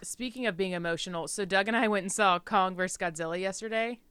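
Woman cohost just chatting, smooth lowish voice, dry close sound. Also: quick pace, a bit bright, no echo. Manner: chatty, self-deprecating, laughs easily. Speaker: podcast co-host. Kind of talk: casual chat.

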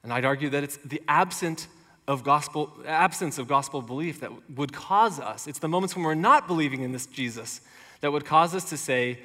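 A man's voice: fairly high pitch, normal speed, sharp tone. A male pastor giving a sermon in a casual, conversational way. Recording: long hall reverb.

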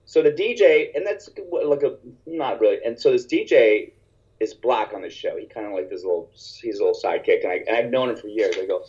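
A man, a stand-up comedian, telling a story in casual conversation in an animated, profane way and acting out other people's lines. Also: fairly low pitch, a little fast, highs cut off.

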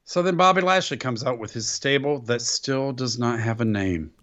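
A man's voice: mid-range voice, moderate pace, fairly bright tone. A man co-hosting a podcast, recapping wrestling shows in casual chat with a sarcastic, play-by-play manner. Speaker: podcast co-host. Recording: dull lo-fi podcast audio.

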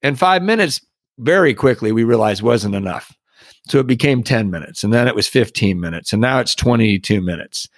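A middle-aged man shares a personal story in an earnest, reflective way, breaking into soft laughs now and then. His voice sits at a middle pitch. It is recorded dry and close, with no room sound. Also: animated, a little fast, dry recording. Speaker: podcast guest in recovery.

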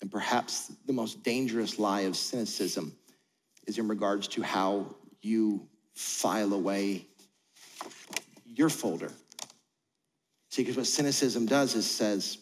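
Pastor preaching in a reverberant hall. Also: male voice, fairly low pitch, animated, unhurried, long pauses. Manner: conversational, acts out quoted voices. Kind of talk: sermon. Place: church auditorium.

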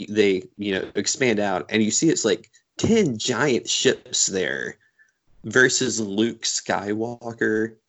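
Lower-voiced male co-host, eager fan recapping a favorite scene in casual chat. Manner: enthusiastic, animated storytelling. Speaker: podcast co-host.

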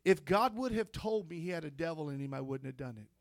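A male preacher tells his testimony with fervent, building energy. His voice sits high for a man. The sound is dry and close, with no room echo. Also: lively intonation, fast talker, creaky. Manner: fervent storytelling, rising to shouts. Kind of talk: sermon testimony.

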